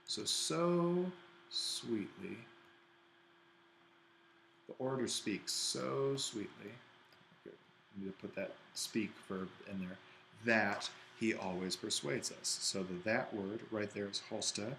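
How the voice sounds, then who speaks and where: A man's voice: on the low side, takes it slowly, gravelly, a bit bright, slight background noise, rough recording. A man teaching an ancient Greek exercise, thinking aloud and correcting himself as he writes. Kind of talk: worked-exercise lesson.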